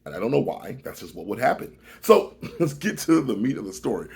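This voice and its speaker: Male vlogger, comedic storyteller; lively pitch, exaggerated delivery. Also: a little fast, gravelly, slightly rough. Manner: animated, exaggerated swings between loud and muttered.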